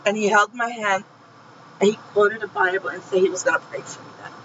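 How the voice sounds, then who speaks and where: A woman's voice: mid-range voice, fairly even intonation, brisk, fairly bright tone, lo-fi sound, a little hiss or hum. A woman telling her own painful story in a vlog, heated and profane, speaking with raw feeling. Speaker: vlogger recounting her own experience. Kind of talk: emotional personal storytelling.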